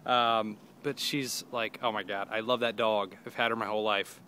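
Holding a phone camera at arm's length, a young vlogger walks outdoors through a neighborhood, rambling and joking casually and putting on mock voices for quotes. His voice is on the low side, sharp-toned, fairly even in intonation, and moderate in pace, with slight background noise.

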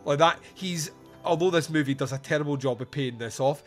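A man's voice: fairly high pitch, brisk, soft background music. A man hosting a podcast, chatting casually about a film, laughing often and swearing freely. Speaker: podcast host. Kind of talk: casual film review chat.

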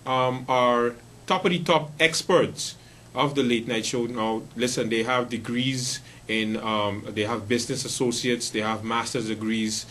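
A man's voice: medium pitch, fairly even intonation, measured pace, a bit bright, a little hiss or hum. A man hosting a late-night comedy show, delivering a meandering monologue full of hesitations and restarts. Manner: meandering, hesitant, stumbling over words. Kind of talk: rambling comic monologue.

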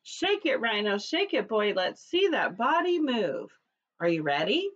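A high, bouncy woman's voice, a preschool teacher who reads slowly and carefully to young children and leads them in chants. It sounds slightly dull and lo-fi. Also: sing-song, a bit bright. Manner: cheerful sing-song teacher voice, leads call-and-response chants. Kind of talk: reading a picture book aloud to young children.

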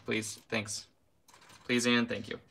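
A man's voice: medium pitch, little pitch movement, slow pace, a bit bright, a little hiss or hum. A young man hosting a casual live stream, ranting with heat, then apologizing with a laugh and reading out viewer names. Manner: reads viewer names aloud.

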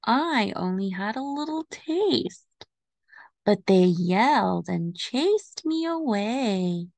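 A woman voicing a moody, pampered house cat in a slow storybook reading. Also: medium pitch, expressive, no echo. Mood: gentle. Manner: slow, gentle read-aloud delivery.

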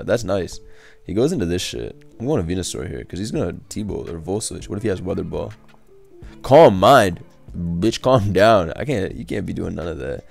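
A man's voice: low voice, gravelly, a little mellow. A young man casually commentating his own competitive game, laid-back, swearing and laughing as he trash-talks. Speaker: gaming streamer. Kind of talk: casual live commentary over gameplay. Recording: faint background music.

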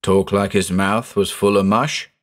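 A man voicing an excitable, superstitious middle-aged farmer with a folksy rural American drawl. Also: on the low side, a little slow, close to an everyday voice. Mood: awed.

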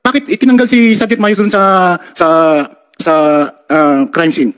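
A man's voice: high voice, animated, normal speed, a bit bright. A man, a police officer testifying at a hearing, answering deferentially and putting "sir" after nearly every phrase. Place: hearing room.

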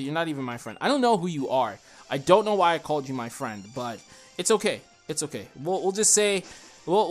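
Young guy narrating his game, excitable and chatty, talks to himself, bit higher pitched, quiet game music under him. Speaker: gaming YouTuber. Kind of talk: let's play commentary. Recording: faint game music behind.

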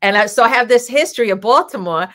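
A fairly high, quick, slightly bright female voice belongs to a drag king performer. She's a guest in a casual interview, spinning rambling anecdotes packed with fillers and punctuated by lots of laughter.

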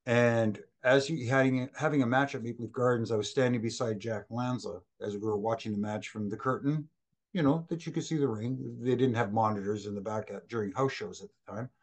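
Middle-aged guy spinning backstage stories, jumps up high for quoted bits, pretty animated. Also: brisk. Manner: animated anecdotes, acts out quoted voices. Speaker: former wrestling referee, guest. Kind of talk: storytelling in a casual interview.

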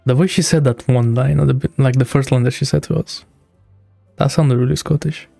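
Rambling man with a gravelly voice. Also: mid-range voice, steady tone, brisk, dark tone, no room sound, soft background music. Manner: rambling, heavy on filler words. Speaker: game reaction host. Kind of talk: casual game reaction commentary.

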